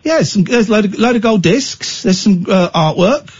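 A man's voice: high-pitched, expressive, slightly rough, dull audio. A man hosting a late-night radio phone-in, teasing and incredulous with his callers. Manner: incredulous, teasing, quick to mock. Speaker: radio host.

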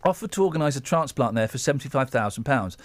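A man hosting a casual radio show, joking and excitable, quick to exclaim in a studio. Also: mid-range voice, dry recording. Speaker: radio host. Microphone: studio microphone.

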